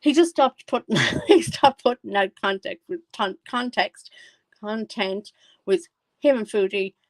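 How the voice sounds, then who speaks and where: A woman chatting through a live reaction stream. Her voice sits at a middling pitch, and she talks in a loose, rambling way, often catching and correcting herself mid-thought. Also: unhurried, no room sound. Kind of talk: casual commentary.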